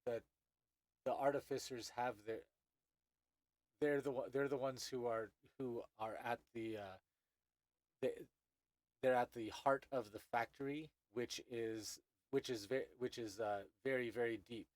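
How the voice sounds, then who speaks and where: A man narrating as game master, halting with many restarts. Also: medium pitch, fairly even intonation, no room sound.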